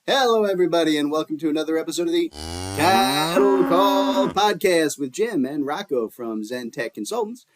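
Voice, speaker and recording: A man's voice: fairly high pitch, lively intonation, normal speed, music in the background. A man hosting a podcast in a jokey, playful way, laughing often as he chats with guests. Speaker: podcast host. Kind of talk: casual podcast chat.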